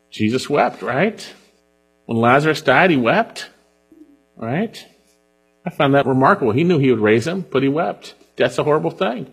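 A pastor preaching an earnest sermon and reading scripture aloud, often dropping to a hush on key points. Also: male voice, mid-range voice, lively intonation, normal speed, gravelly, slightly rough.

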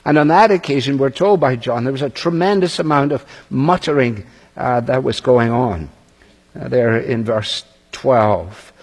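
Husky guy preaching, reads bible verses and chats about them, big echoey hall. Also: mid-range voice, darkish tone. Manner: conversational, reads scripture aloud and comments. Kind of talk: sermon, expository Bible teaching. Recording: long reverb of a large hall.

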